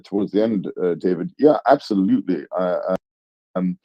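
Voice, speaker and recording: A man's voice: deep voice, normal speed, dry recording. A man talking casually on a live audio panel, rambling and self-deprecating as he analyzes events. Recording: muffled online audio stream.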